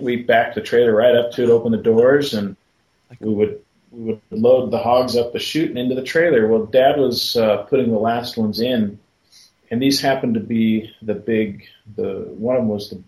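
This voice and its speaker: A man's voice: on the low side, darkish tone. A man telling family stories in a folksy way, laughing as he recalls them. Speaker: podcast co-host. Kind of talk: casual storytelling. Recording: roomy echo.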